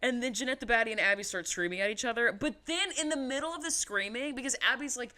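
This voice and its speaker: A young woman co-hosting a podcast, recapping a reality show in casual chat, sarcastic and animated, swearing freely and mimicking people. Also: fairly high pitch, fast, few pauses. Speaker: podcast co-host.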